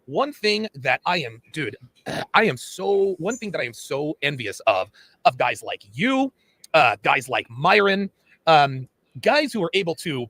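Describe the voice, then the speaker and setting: Male stream host, rambling and self-searching; lively pitch, bright, dry close sound. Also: a little slow, no room sound. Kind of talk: live-stream talk show.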